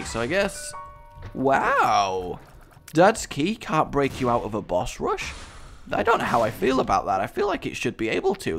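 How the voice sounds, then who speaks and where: Young British male gamer, rambling comic commentary, lively swooping pitch, silly asides. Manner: jokey, rambling, breaks into silly accents. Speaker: gaming commentator. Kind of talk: let's play commentary.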